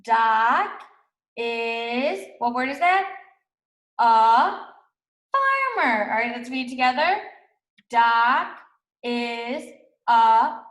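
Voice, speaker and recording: A young woman teaching a recorded reading lesson to small children, sounding out letters and words with steady encouragement. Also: sits high, takes it slowly, long pauses, roomy sound.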